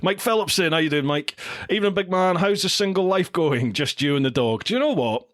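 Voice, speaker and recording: A man's voice: high voice, animated, fairly quick, a bit bright. A middle-aged man hosts a casual livestream chat, reading out viewer comments and greeting each viewer by name. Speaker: podcast host. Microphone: studio mic into a recorder.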